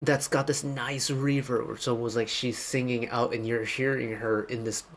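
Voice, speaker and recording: A man's voice: mid-range voice, little pitch movement, normal speed, slight background noise. A man hosting a music reaction video, giving an enthusiastic, detailed breakdown of a song in a casual way.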